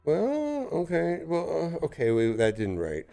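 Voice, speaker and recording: A man streaming a mobile game, chatting casually with viewers in a rambling, stammering way that bursts into loud exclamations. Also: a little high, very animated, moderate pace, gravelly, soft background music.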